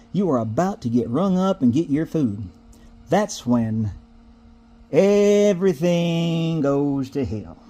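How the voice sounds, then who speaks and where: A man's voice: medium pitch, dark tone. A man telling a rambling comic story in a drawling, folksy way, acting out the people in it. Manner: drawling, folksy, digressive, acts out characters. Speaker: comedic storyteller.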